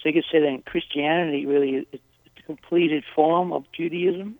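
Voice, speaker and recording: A man's voice: fairly high pitch, fairly even intonation, moderate pace, dry recording. A man calling in to a radio show over the phone and asking short, curious questions. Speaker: caller. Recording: tinny phone line.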